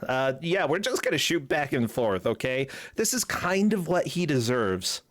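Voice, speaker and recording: A man's voice: a little high, very animated, normal speed, hardly any pauses. A man streaming a text adventure, commenting casually in a playful, joking way. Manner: playful and joking, with sudden loud outbursts.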